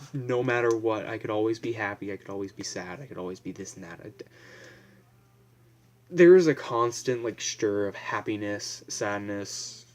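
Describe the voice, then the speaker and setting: A young man vlogging in a casual, blunt, profane ramble, full of fillers and restarts. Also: lowish voice.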